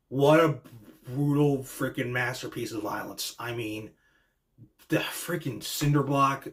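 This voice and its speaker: A young man hosting a podcast, giving an excited, casual reaction monologue that swears freely and acts out quotes in voices. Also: mid-range voice, slow. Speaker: podcast host reacting to wrestling.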